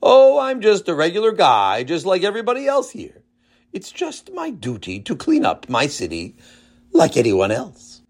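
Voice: mid-range voice, wildly swooping pitch, moderate pace, few pauses, breathy edge. A storyteller voicing a boastful male mayor who plays to the press. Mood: pompous.

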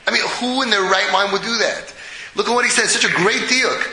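High, sharp-voiced man teaching Torah. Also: brisk, echoey room, rough recording. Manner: animated, dramatic storytelling; mixes English with Hebrew and Yiddish phrases. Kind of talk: Purim Torah talk.

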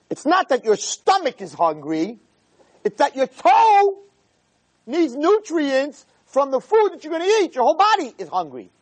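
Man, rabbi, lively Torah lecture, high pitch, very expressive intonation, emphatic repetition. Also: husky. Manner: emphatic, repeats key phrases, rhetorical questions; swings from low murmurs to near shouts. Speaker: rabbi teaching a Torah class.

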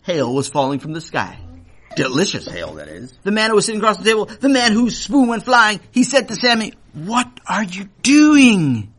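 A man narrating a children's story in an animated, playful way. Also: high voice, brisk, a little hiss or hum.

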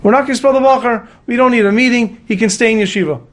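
A firm, reassuring male yeshiva head, as a storyteller puts him on. The voice is pitched high and sounds settled. He speaks with clear authority. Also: racing.

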